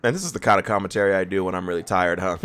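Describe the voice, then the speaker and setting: In a low, sing-song voice with a fairly bright tone, a let's play host talks at a quick pace over casual gameplay. Tired and just out of bed, he rambles and stammers, laughing and poking fun at himself.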